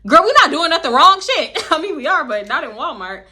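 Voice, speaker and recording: A woman from Houston, telling a story to the camera. Her voice is bright and forward, and she jumps into high, loud quoted lines before dropping back low. She swears freely and laughs as she goes. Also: big pitch swings, brisk. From Houston, Texas. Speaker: storytime vlogger. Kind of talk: casual storytelling.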